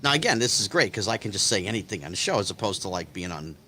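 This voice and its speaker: A man in his fifties, a guest in a casual chat, telling anecdotes with animated delivery and slipping into other people's voices. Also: lowish voice, fast, a loud crowd. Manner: animated, acts out quoted voices. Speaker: guest storyteller.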